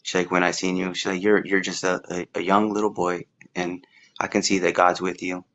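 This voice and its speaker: A man's voice: sits low, level tone, fairly bright tone, muffled recording. A man telling his life story in a casual, rambling way, with frequent restarts and fillers. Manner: rambling, halting with repeated words and fillers. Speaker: interview guest. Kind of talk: casual testimony.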